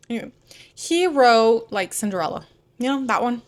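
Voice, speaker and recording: A woman's voice: a little high, animated, moderate pace. A young woman from Houston chatting casually about films, digressive and full of asides. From Houston, Texas. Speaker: film vlogger.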